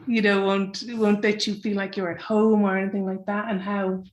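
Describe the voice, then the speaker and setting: A woman from Ireland talks as a guest about her creative work at a middle pitch. She chats loosely, lets her phrases trail off and laughs easily. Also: flat delivery, moderate pace. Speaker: comics author, guest. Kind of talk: casual conversation.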